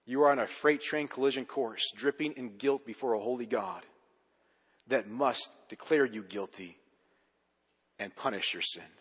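A male pastor delivers a sermon in a church sanctuary, his voice a little husky. He punches key words loudly, then lets phrases sink low and soft. A long reverb trails behind every line. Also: normal speed. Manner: emphatic, swinging between loud urgent stresses and low quiet endings.

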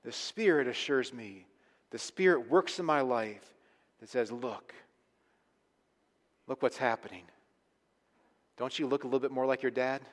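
A man preaching a sermon, earnest and emphatic, swinging between quiet, intimate lines and loud, pressing ones. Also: medium pitch, measured pace, long pauses. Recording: long reverb of a large hall.

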